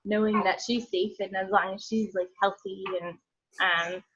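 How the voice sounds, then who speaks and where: A woman's voice: mid-range voice, fairly even intonation, normal speed, fairly bright tone, husky. Chatty woman on a lo-fi call. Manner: chatty, rambling, many likes and ums, laughs often. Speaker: therapist. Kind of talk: casual group chat.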